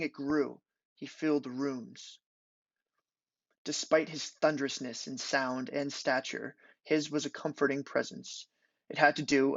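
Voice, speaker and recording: A young man reading aloud from his own literary prose thesis at a measured, deliberate pace. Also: fairly high pitch, gravelly, no room sound. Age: young adult. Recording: dull lo-fi recording.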